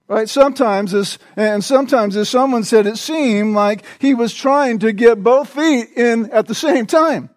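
Slow, deliberate man preaching a sermon. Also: high voice, darkish tone, no room sound. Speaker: pastor.

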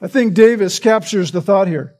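A man's voice: sits high, moderate pace, darkish tone. A man preaching a sermon in an earnest, emphatic way, often checking in with "right?". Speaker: pastor.

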